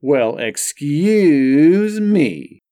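A man's voice: medium pitch, animated, unhurried, no room sound, studio quality, natural voice. A man voicing an arrogant, privileged young male student who speaks in a sneering, mocking way in an audiobook.

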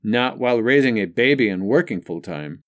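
A man's voice: mid-range voice, lively intonation, normal speed, pitched above the performer's own voice, natural voice. A male narrator voicing a frank, wry young single mother in an audiobook story.

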